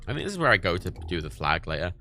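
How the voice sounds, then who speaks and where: A man chatting casually while streaming a video game, swearing freely and jumping high in pitch when indignant. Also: very animated, fast talker, gravelly, sharp tone, faint music behind. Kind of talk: casual gaming stream chat.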